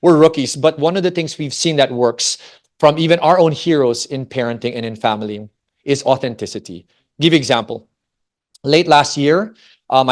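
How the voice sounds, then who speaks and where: A man in his forties from the Philippines, giving a Christian family talk and telling a personal story with lively, animated delivery and frequent questions to the audience. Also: medium pitch. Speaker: family ministry speaker.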